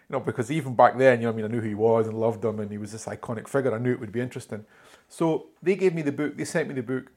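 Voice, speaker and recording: A man's voice: medium pitch, rapid-fire, darkish tone. A man, an author in an interview, telling a long story in a rambling way with many restarts. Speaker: author and journalist being interviewed. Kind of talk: conversational storytelling.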